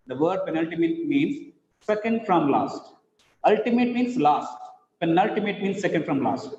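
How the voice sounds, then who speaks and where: A high-voiced man teaches word stress, spelling words letter by letter and repeating each one slowly. His voice rings in a roomy space with a long tail of reverb. The sound is dull and lo-fi. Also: lively intonation, darkish tone. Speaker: English teacher. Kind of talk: online pronunciation lesson. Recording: echoey room, dull lo-fi sound.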